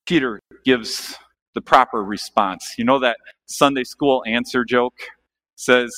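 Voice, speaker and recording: A male pastor preaching a sermon, asking the congregation questions, animated, with sharp rises and drops in his voice. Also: mid-range voice, unhurried.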